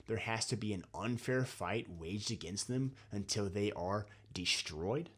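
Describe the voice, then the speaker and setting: A man with a fairly low, husky voice delivers a lecturing opinion monologue. He is a young adult host who keeps tagging his points with "okay?" and "right?". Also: a little slow, hardly any pauses, a bit bright. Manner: lecturing, repeats "okay?" often. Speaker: channel host.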